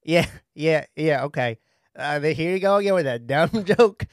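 A man's voice: on the high side, expressive, moderate pace, no room sound, studio quality, close to an everyday voice. A man playing a laid-back therapy client with a Southern accent and cotton balls for eyes, in an improvised comedy sketch. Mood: amused.

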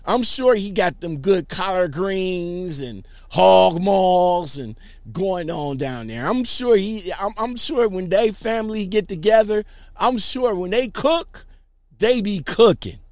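A man with a fairly high voice talks slowly and casually through viewer comments. He rambles and repeats himself, leaning hard on his points. The sound is dry and close. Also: big pitch swings, no room sound. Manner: rambling, repeats words, emphatic. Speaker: YouTuber reading viewer comments.

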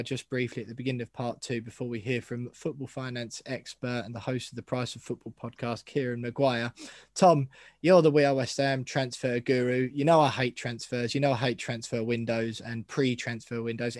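Podcast host guy, chatty and laughy, dry mic, middle pitch. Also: no echo. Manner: chatty, rambling, laughs easily. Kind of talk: casual football podcast chat.

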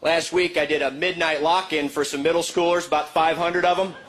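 High-voiced man doing stand-up comedy. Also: fairly quick, very noisy. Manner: animated, jumps into high mocking voices for characters.

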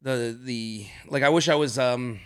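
A man in his thirties hosting a podcast, chatting casually and riffing with quick joke impressions. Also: mid-range voice, clean tone. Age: 30s. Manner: jokey, riffs with quick impressions of people. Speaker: podcast host. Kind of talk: casual chat.

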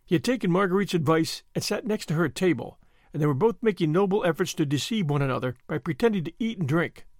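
Brief: male narrator, slightly high, lively classic-novel reading. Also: fast, no room sound, clean studio sound. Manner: expressive storytelling. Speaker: audiobook narrator. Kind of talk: scripted narration.

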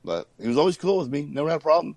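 A man, a former wrestler, telling stories in a casual interview, animated and laughing often while he acts out what people said. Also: on the high side, rapid-fire, dry recording, rough recording.

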